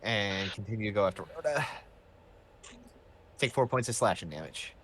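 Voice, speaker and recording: A man's voice: on the low side, animated, moderate pace, fairly bright tone, slight background noise. A man running a tabletop game as game master, talking casually with many restarts.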